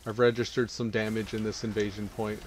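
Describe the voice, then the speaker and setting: A gaming streamer chats casually and thinks aloud while playing an online game. His voice is fairly low and flat, his pace brisk, with slight background noise.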